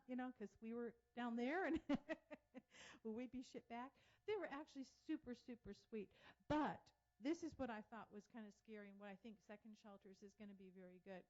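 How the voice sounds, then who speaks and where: A woman giving a casual talk to an audience, telling anecdotes in a chatty way and acting out what others said. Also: medium pitch. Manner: chatty storyteller, animated quoting of others. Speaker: speaker at a public talk. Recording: dull lo-fi sound.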